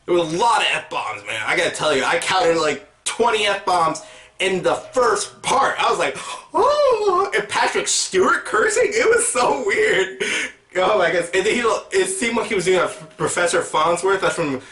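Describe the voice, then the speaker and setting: A man's voice: a little high, bright, forceful tone, echoey room, far from the mic. A man giving a casual movie review for his channel, rambling and hesitant, with many fillers and restarts.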